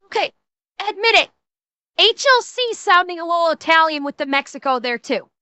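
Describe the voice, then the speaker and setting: High, bright-voiced woman streamer. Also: animated, normal speed, dry recording. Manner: rambling, swears freely, laughs often. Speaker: streamer reacting to videos. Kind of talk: casual reaction commentary.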